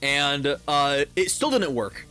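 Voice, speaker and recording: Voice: medium pitch, very animated, slow pace, pushed and bright, clear, resonant tone, faint music behind. A gaming YouTuber ranting over gameplay in a heated, profane way, often repeating words.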